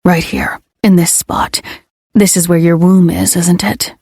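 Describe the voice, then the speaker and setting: A woman reading as a stern young man from a romance audiobook, hoarse and growly with a gravelly edge to the low voice, blunt and commanding as he speaks. the reading is close and dry, with no room around it. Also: little pitch movement, measured pace, darkish tone, no room sound.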